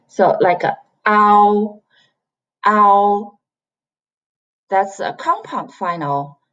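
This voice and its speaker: Slow, patient woman teaching Chinese. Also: mid-range voice, fairly bright tone, highs cut off. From China. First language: Mandarin Chinese. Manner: slow, patient, demonstrates sounds by repeating them. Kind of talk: online language lesson.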